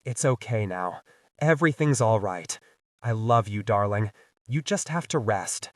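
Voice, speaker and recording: A frightened but loving wife speaking in a hushed, soothing murmur, as a man reads her in an audiobook. The sound is dry and close. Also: on the high side, wildly swooping pitch, normal speed, breathy edge, dry recording, pitched above the performer's own voice, heavily acted. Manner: hushed, whispering.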